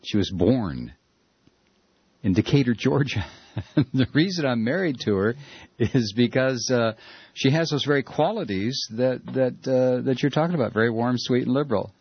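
A man hosting a talk radio show, reading listener emails in a casual, halting way with many fillers. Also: medium pitch, expressive, breathy edge, dry recording, dull audio. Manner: hesitant, many uh fillers and restarts.

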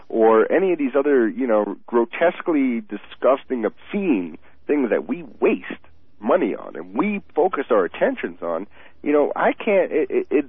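Animated man on a tinny phone line. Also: medium pitch, husky, dry recording. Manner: animated, restarts often, laughs mid-sentence. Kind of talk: casual political talk.

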